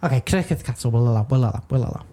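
A man's voice: mid-range voice, very fast, warm tone. A man co-hosting a casual podcast as quiz master, teasing the others and laughing often. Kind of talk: casual chat.

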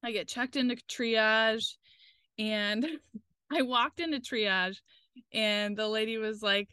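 A woman's voice: fairly high pitch, slow pace, sharp tone, clear, resonant tone, no room sound, clean studio sound. A young woman talking casually and candidly as a podcast co-host, swearing freely as she tells a personal story and quotes the people in it.

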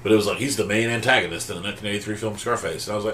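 A man's voice: on the low side, rapid-fire, fairly bright tone. A man on a movie podcast, rambling casually and hedging his points. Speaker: podcast co-host. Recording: roomy sound from off-mic with faint background noise.

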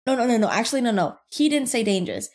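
A young woman podcast host telling a workplace story in casual chat, animated and profane, with lots of fillers and frequent laughter. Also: fairly high pitch, quick pace. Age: young adult.

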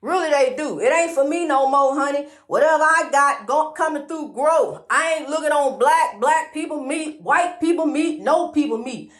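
A woman's voice: high-pitched, moderate pace, few pauses, echoey room. A woman giving a preachy, sing-song motivational monologue, calling the listener honey and repeating rhyming phrases.

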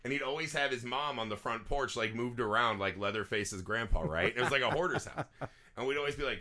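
A man's voice: mid-range voice, fast, sharp tone. A man co-hosting a movie podcast, telling stories in casual chat, swearing often and laughing through his lines, who grew up in a small farm town. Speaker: podcast co-host.

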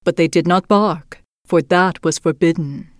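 A woman with a lowish voice narrates a fairy tale as a storytelling host, reading in a measured and expressive way. The sound is dry and close, with no room around it. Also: no room sound.

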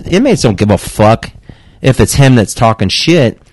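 A man on a casual podcast chat, telling a work story with lots of swearing and lively retellings of what people said. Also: medium pitch, moderate pace. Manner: profane, animated storytelling, acting out quotes.

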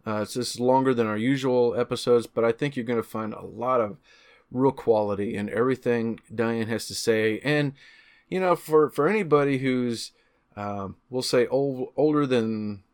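A man's voice: medium pitch, moderate pace, clear, resonant tone. A man in his thirties hosting a podcast, introducing his guest in an enthusiastic, chatty way and joking about his own age. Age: 30s. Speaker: podcast host.

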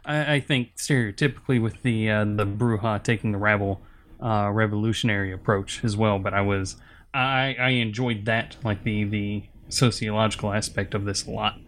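A man chatting on a podcast, teasing his co-hosts and rambling with lots of fillers. His voice sits low, with a faint hiss of noise behind it. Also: fairly even intonation, normal speed, a bit bright. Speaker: podcast co-host. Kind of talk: casual podcast chat.

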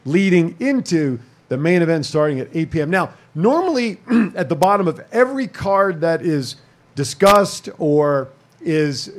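A man hosting a live show from a studio, with a voice pitched a bit above most men's. He jokes and laughs easily while hyping up upcoming events in loose, casual chat. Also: very animated, a little slow. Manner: jokey, laughing, hypes and plugs events. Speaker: host.

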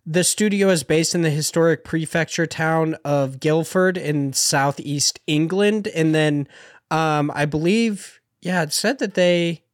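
A man on a casual podcast, talking in a rambling way and packing his sentences with filler words. His voice sits a bit higher than most men's and sounds close and dry, with no room around it. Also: unhurried, no echo. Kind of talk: casual gaming podcast chat.

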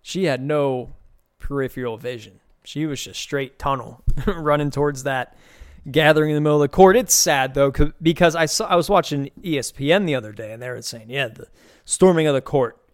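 A man's voice: medium pitch, a little fast, clean tone, dry recording, studio quality. A man hosting a casual solo podcast, rambling through loose, profane, amused stories and opinions. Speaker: podcast host.

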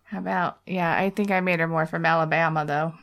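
A woman's voice: deep voice, steady tone, a little fast, vocal fry, a bit bright. A woman co-hosting a podcast in casual, joking banter with crude language. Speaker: podcast co-host.

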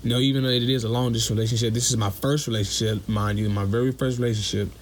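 A man's voice: medium pitch, steady tone, rapid-fire, a little hiss or hum. A young man calling in, bluntly telling a personal story in slangy speech. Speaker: caller.

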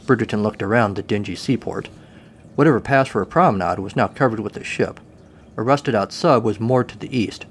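A man's voice: fairly low pitch, fairly quick, slight background noise. A man narrating a comic story in a dry, wry way.

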